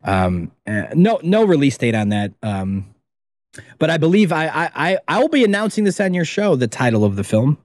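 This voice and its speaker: A man's voice: fairly high pitch, sing-song, normal speed, a little mellow, no room sound, clean studio sound. A man who makes documentaries, a guest on a casual podcast interview, talking in an emphatic, rambling way and swearing freely.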